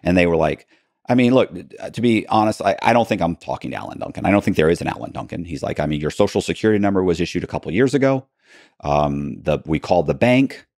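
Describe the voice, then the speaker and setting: Deep-voiced man telling a story. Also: expressive, darkish tone, dry recording, clean studio sound. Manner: acts out quoted dialogue, halting restarts. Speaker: interview guest. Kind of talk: casual storytelling in an interview.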